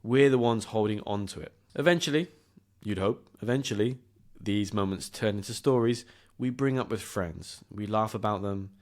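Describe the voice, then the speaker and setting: A young man from southern England, hosting a show for English learners and telling a personal story in a lively, self-deprecating way, laughing at himself. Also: on the low side, normal speed. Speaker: podcast host.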